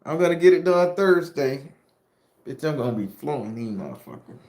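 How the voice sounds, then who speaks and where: Answering questions from his chat, this southern Florida host of a spooky-story channel, a middle-aged man, tells stories loosely, jokes around, and swears freely. His voice is a little high, dark-toned, very animated, and a bit fast, in an echoey room.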